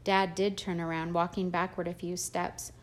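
A woman reading a first-person audiobook in a steady, plain storytelling manner. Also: on the low side, moderate pace. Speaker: audiobook narrator.

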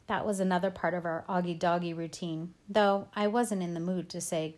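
Calm woman reading a novel aloud. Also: on the low side, moderate pace, few pauses. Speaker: audiobook reader.

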